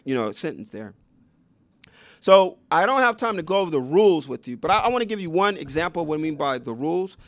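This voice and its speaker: A man's voice: on the high side, dry recording. A man giving a public lecture on education, teaching conversationally and asking the audience rhetorical questions. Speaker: education speaker.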